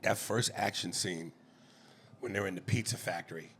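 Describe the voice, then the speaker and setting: Low gravelly husky man, emphatic. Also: moderate pace, a bit bright, slight background noise. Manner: emphatic, exclaims in disbelief. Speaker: podcast co-host. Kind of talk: casual chat.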